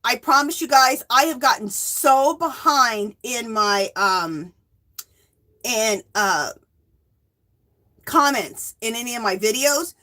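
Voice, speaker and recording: Bright chatty woman in her fifties. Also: on the high side, expressive, slow, long pauses. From US West Coast. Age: 50s. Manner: chatty, greets viewers by name, rambling asides. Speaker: livestream host. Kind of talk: casual livestream chat.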